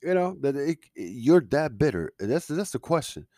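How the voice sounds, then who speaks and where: A man's voice: fairly high pitch, very animated, normal speed, mellow, dry recording. A man hosting a casual podcast, ranting in a heated, opinionated way with frequent fillers and restarts. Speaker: podcast host.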